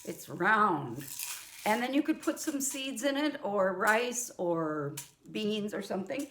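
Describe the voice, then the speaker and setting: Slow, gentle woman teaching kids music. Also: mid-range voice, animated, roomy sound, slight background noise. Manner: gentle, patient, speaks to young children; sings and chants rhythm syllables. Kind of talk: children's music lesson.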